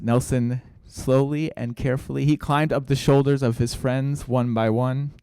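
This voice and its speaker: A man, a guest speaker, telling a children's story in a sermon, gentle and trailing off quietly at line ends. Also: medium pitch, smooth, no room sound.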